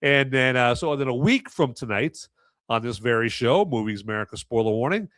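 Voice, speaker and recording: A man's voice: medium pitch, animated, fairly quick, fairly bright tone, no room sound. A man hosting a live movie review podcast, talking in a rambling, sarcastic way with lots of fillers. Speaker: podcast host.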